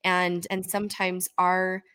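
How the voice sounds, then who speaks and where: Affirming woman host, lower voice. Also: flat delivery, takes it slowly, smooth. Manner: warm and open, affirming. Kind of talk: therapy-style conversation.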